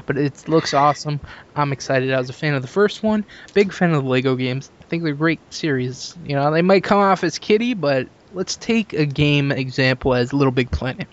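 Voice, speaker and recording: Man from Canada, podcast host; higher pitch, dull lo-fi sound; teasing, casual. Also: expressive, a little fast. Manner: teasing, laughs at own jokes. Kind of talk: casual gaming podcast chat.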